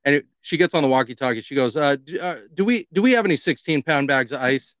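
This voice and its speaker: Talking fast in a fairly high voice, this podcast co-host recounts a story during relaxed chat, animatedly voicing the people involved. The recording is dry.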